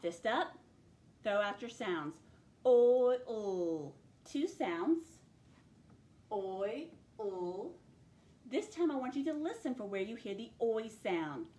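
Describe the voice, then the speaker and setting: A woman teaching a phonics spelling lesson, stretching out each sound of a word as she dictates it. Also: on the high side. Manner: slow, stretched sounding-out of words. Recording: echoey room with faint ambience.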